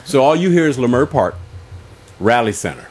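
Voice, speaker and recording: A man's voice: medium pitch, very animated, normal speed, a little mellow, husky. A man co-hosting a community radio talk show, speaking emphatically in casual chat and backing up his partner. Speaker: radio co-host.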